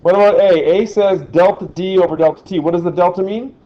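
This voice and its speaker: A man's voice: high-pitched, fairly even intonation, brisk, lo-fi sound. A man teaching a physics lesson in a classroom, quizzing the class as he goes. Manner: chatty, asks the class questions. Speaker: science teacher.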